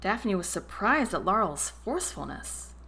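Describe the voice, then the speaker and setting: Woman, audiobook narrator, expressive storybook reading. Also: mid-range voice, a little slow.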